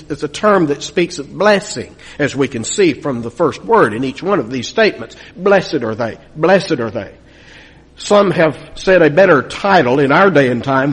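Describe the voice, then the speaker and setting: Husky, earnest man preaching a sermon. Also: fairly high pitch. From United States. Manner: earnest, rising to emphatic peaks, repeats words.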